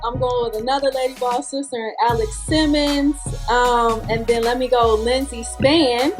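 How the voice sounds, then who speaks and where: Woman, high voice, easygoing tone, interview guest, music clearly behind. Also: steady tone, moderate pace. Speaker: basketball coach, guest. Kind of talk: casual interview chat.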